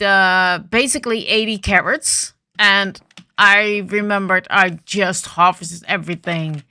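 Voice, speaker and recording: A woman with a bright, clear tone talks slowly through her game plan, thinking aloud as she goes. Her voice carries a slight morning roughness, and she often restarts with small ums. She sounds relaxed and unhurried. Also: medium pitch, dry recording. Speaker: gaming video host. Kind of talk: casual gameplay commentary.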